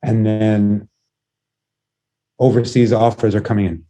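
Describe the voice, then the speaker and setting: A man sits in as a guest musician, talking in a casual, laid-back way. His voice is mellow and warm, his stories wander with frequent restarts, and he swears freely as he goes. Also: on the low side, flat delivery, unhurried, faint music behind, rough recording. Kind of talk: casual interview chat.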